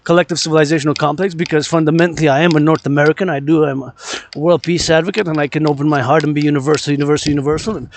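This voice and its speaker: Man from Quebec, vlogging outdoors on a phone; slightly high voice, rambling and preachy, repeats himself. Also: steady tone, racing, hardly any pauses, a little hiss or hum. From Quebec, Canada. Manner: repetitive, impassioned, preachy. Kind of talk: rambling outdoor vlog monologue. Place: outdoors, moving around a city.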